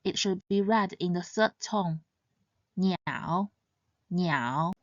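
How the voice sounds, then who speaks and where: A woman teaching pronunciation in a scripted lesson, speaking slowly and carefully and stressing each example sound. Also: medium pitch, fairly even intonation, no echo, lo-fi sound. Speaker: language teacher.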